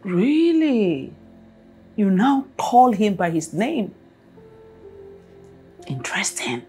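A woman's voice: medium pitch, very animated, very slow, dark tone, breathy edge, faint music behind, exaggerated voice. A Nigerian woman acting a domineering wealthy mother who scolds in repeated bursts. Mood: angry. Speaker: mother of the house. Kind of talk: film drama acting.

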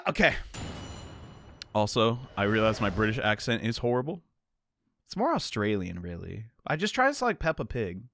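Animated, jokey young gamer man. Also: on the low side, normal speed, creaky, pauses often, no echo. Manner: animated, jokey, shouting reactions. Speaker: YouTube gamer. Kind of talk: let's play commentary.

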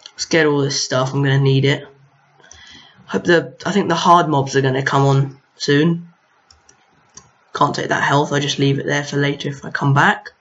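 With a fairly high pitch and a sharp tone, a young man chats to enemies on screen while commenting casually on his gameplay, mildly exasperated. He hosts gaming videos and records on a lo-fi home mic.

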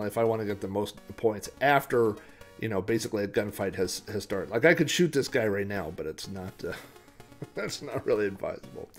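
A man from Oklahoma hosting a podcast, giving rambling, hesitant gameplay commentary with frequent chuckles. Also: lowish voice. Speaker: podcast host.

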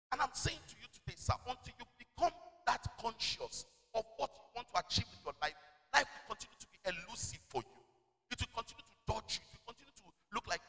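Pastor, male, high bright voice, lively sermon delivery, church hall reverb. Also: fast talker, faint music behind. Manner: animated preaching with call-and-response and storytelling.

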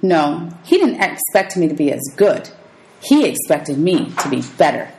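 Woman, teacher, read-aloud of a novel for students; lowish voice, pitch goes up for the dialogue. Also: very animated, normal speed, vocal fry, a little mellow, rough recording. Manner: reads dialogue with raised pitch for characters, calls out page numbers.

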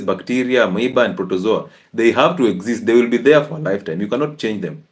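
Emphatic man lecturing on health. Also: mid-range voice. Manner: emphatic, lecturing, laughs often. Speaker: health talk host taking calls. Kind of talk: call-in health advice talk.

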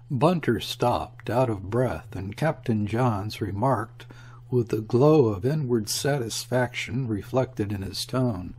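Husky-voiced man narrating a classic story. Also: on the low side, slow pace, darkish tone. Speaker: audiobook narrator. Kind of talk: literary audiobook narration.

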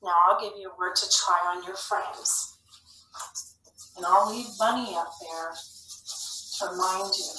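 Lady teacher doing phonics for little kids, slow and patient, bright voice, echoey room, mic kinda far. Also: medium pitch, slight background noise. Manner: slow, clear, patient instructional delivery. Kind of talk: phonics lesson for young children.

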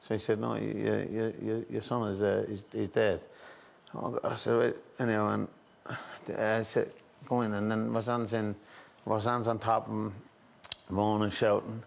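An Irish man telling a story as a chat show guest, halting and repetitive, with frequent restarts and "I said". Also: on the low side, little pitch movement, creaky. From Ireland.

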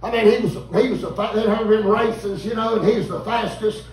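Folksy preacher telling a story. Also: male voice, high-pitched, quick pace. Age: 50s. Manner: folksy, animated, calls out to congregation. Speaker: visiting preacher. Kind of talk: revival sermon storytelling. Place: church sanctuary. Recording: echoey church room, mic at a distance.

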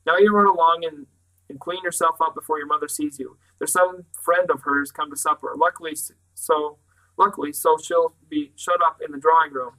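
A brisk, kindly old great-uncle from a storybook, clipped and fond in his speech, as a man reading aloud puts him on. The voice is bright, with a sharp edge. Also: fairly high pitch, steady tone, low-quality recording.

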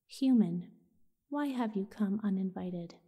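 A woman's voice: medium pitch, expressive, slow, mellow. A woman whispering as a menacing monkey lord. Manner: demanding, gruff. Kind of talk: whispered role-play.

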